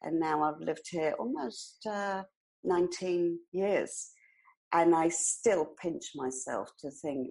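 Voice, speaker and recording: A woman in her sixties with a British accent touched by an American twang, a guest telling stories in an expressive, laughing way. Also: lowish voice, slow pace, low-quality recording. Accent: British, with some American twang. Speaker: guest, hairdressing educator. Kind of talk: conversational storytelling.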